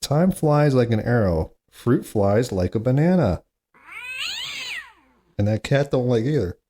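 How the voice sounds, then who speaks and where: A man's voice: medium pitch, expressive, a little slow, warm tone, slight background noise. Man groaning at his own corny jokes. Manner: self-mocking, groans at his own bad jokes, chatty asides. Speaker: podcast host. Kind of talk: solo comedy podcast, reading corny jokes.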